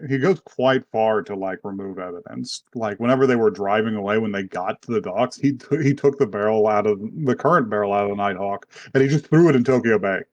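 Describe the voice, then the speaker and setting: A man co-hosting a podcast, recapping an anime in a relaxed, rambling way with casual swearing. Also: on the low side, a little fast, hardly any pauses, no room sound, muffled recording. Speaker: podcast co-host.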